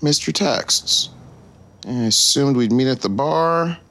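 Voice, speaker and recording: A man's voice: mid-range voice, slow, a bit bright. A man acting out two annoyed young men texting each other in a comic skit reenactment, snippy and exaggerated.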